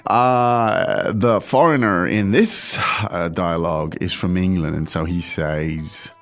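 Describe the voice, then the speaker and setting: A man co-hosting a podcast lesson on Mandarin, playful and lively, drawing words out to demonstrate them. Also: deep voice, slow. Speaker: podcast co-host teaching Mandarin. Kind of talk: casual language lesson.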